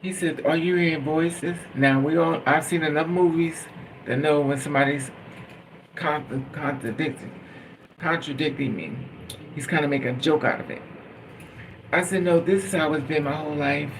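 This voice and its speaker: A man's voice: fairly high pitch, moderate pace, noisy background. A man telling a personal story in a casual, rambling way, swearing freely and laughing at his own telling. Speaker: storytime vlogger.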